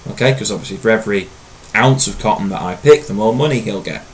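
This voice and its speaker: A man teaching a recorded history lesson in a relaxed, conversational way, with frequent ums and uhs. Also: lowish voice, fast talker, rough recording.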